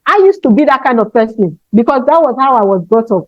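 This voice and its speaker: A woman's voice: a little high, expressive, a little fast, dry recording. A woman giving a motivational talk to teachers, emphatic and often checking in with her listeners. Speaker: conference speaker for teachers. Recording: dull, dry, lo-fi sound.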